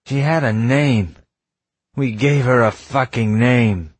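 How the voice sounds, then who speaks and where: A man's voice: on the low side, lively intonation, normal speed, husky, no echo, voice pushed up. A man voicing a grieving, bitter young man, the narrator's older brother, who talks bluntly, sneers and swears.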